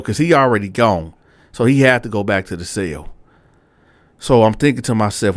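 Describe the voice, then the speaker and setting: A man's voice: medium pitch, measured pace, pauses often, dry recording. Slangy man telling a prison story. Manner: animated, slangy, talks straight to viewers. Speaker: storyteller host.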